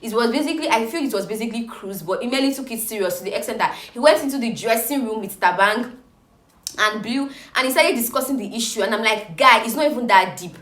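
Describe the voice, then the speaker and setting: A woman chattily recapping reality TV gossip, animated and exclaiming. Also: a little high, quick pace, reverberant.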